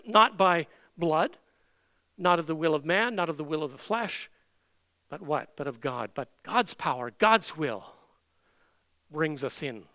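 Male pastor, emphatic sermon delivery, bright forceful tone. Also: a little high, no echo. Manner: emphatic preaching with rhetorical questions.

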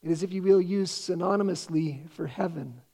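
Male pastor, sermon delivery, fairly high pitch, soft dark tone, building emphasis. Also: normal speed. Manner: earnest preaching, quoting scripture with rising emphasis.

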